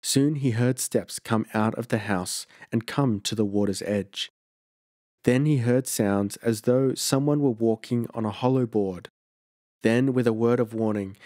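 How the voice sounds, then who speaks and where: A man narrating an audiobook story in a measured storytelling manner. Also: on the low side, warm tone, no room sound, clean studio sound. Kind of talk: scripted narration.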